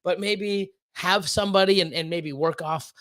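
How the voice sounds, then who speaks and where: A man's voice: high-pitched, moderate pace, fairly bright tone, no room sound. A man hosting a casual livestream, rambling and swearing, with lots of fillers and repeated words. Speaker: livestream host.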